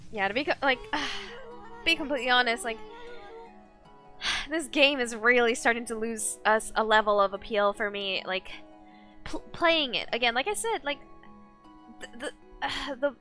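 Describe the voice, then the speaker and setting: A woman streamer talks through her gameplay in a loose, rambling way, full of fillers and restarts. Her voice sits a little high and sounds bright and forceful. Soft music plays faintly underneath. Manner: rambling, many fillers and self-corrections. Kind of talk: casual live-stream chat while gaming.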